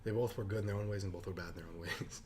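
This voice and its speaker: A man's voice: on the low side, steady tone, rapid-fire, crowd noise. A man co-hosting a casual podcast, rambling with many restarts and fillers, talking into a desktop mic at home. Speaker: podcast co-host. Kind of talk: casual chat. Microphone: desktop USB mic.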